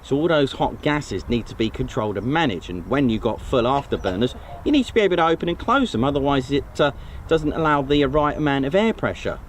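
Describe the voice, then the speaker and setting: A man's voice: medium pitch, animated, fairly quick, a little hiss or hum. A man hosting a live stream outdoors, chatty and teasing, explaining aircraft plainly. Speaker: host of a live plane-spotting stream. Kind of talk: casual live commentary. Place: outdoors at an airfield viewing area.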